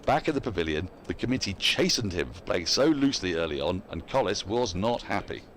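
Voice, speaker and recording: Deep-voiced, lively male cricket commentator. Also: fairly quick, slight background noise. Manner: chatty, laughs often, reads out listener emails.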